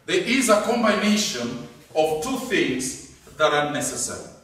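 A man preaching a sermon, emphatic, repeating key words and swinging between loud and soft. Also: a little high, very animated, a little slow. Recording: echoey hall, distant mic.

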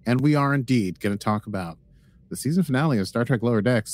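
A man's voice: medium pitch, fast, darkish tone. A man co-hosting a podcast in casual, jokey, enthusiastic chat. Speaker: podcast co-host.

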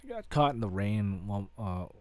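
A man streaming live, reading a visual novel aloud in a relaxed, steady narration with occasional restarts. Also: fairly low pitch, moderate pace, no room sound.

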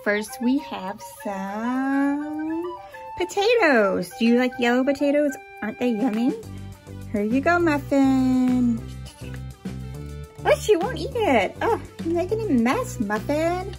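A woman doing a bright, cheerful cartoon dog mum, high and lively, swooping up and down in a bubbly sing-song. She talks slowly and sweetly, as if to little viewers during toy play, with music playing under her. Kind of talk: pretend play with toys.

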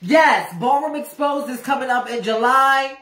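A woman's voice: high voice, moderate pace, a bit bright, reverberant, a little hiss or hum. A woman ranting on a livestream in a brash, profane way, repeating phrases over and over for emphasis. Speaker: live streamer. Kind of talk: unscripted livestream rant.

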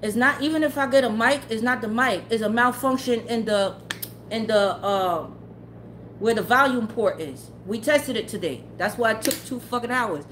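A fairly high-voiced woman, talking to her live chat as a tarot streamer. She rants bluntly and swears constantly, and there is faint noise behind her. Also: moderate pace, a bit bright. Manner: blunt, profane, heated, often laughing. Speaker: tarot livestreamer. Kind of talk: profane casual rant to live chat.

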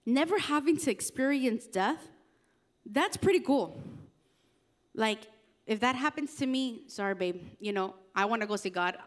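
A young adult woman, a youth pastor, preaching a casual youth sermon in a chatty, animated way with slangy asides. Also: a little high.

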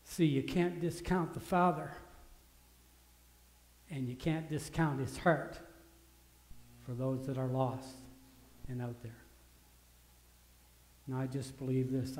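A man preaching a sermon as pastor, earnest, swinging between loud rises and hushed drops. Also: mid-range voice. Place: church sanctuary. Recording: echoey church hall.

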